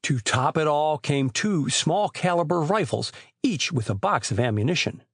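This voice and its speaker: Expressive male audiobook narrator. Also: on the high side, normal speed, husky, no room sound, studio quality. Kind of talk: scripted narration.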